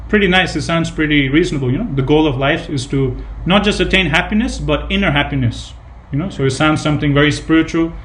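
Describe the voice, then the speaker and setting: A man's voice: fairly high pitch, quick pace, few pauses, a bit bright, slight background noise. A man giving a devotional scripture class, retelling anecdotes with emphatic repetition and casual fillers. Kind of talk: devotional sermon with retold anecdotes.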